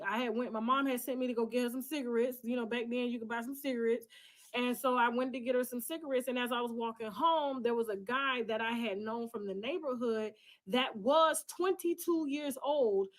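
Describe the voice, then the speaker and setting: A high-pitched woman talks straight through a personal story without softening anything. She swears freely, leans hard on key words and slips into other people's voices to act out what they said. Her delivery is that of an online commentator holding forth. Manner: blunt, profane and emphatic; acts out other people's lines mid-story. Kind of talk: casual storytelling monologue.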